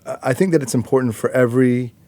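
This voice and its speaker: A man's voice: mid-range voice, fast talker, a little mellow, no room sound. A man hosting a podcast interview, talking in a reflective way with many fillers and restarts. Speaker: podcast host. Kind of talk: conversational interview.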